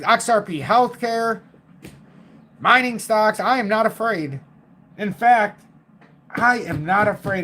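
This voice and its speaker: Excitable man in his forties. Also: sits high, slight background noise. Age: 40s. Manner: excitable and emphatic, thinks aloud with fillers and mild swearing. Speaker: crypto live-stream host. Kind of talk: casual live-stream chart commentary.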